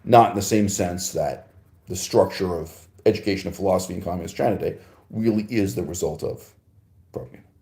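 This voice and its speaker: A man's voice: deep voice, a little fast, dark tone, reverberant. A man hosting a podcast, answering a listener's email in a digressive, emphatic philosophical monologue with frequent laughs and rhetorical asides.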